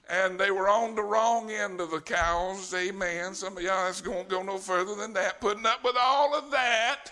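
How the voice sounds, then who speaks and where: Folksy preacher, bright high voice. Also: male voice. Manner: folksy, colloquial preaching with cowboy imagery. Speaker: preacher at a deacon ordination. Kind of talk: sermon.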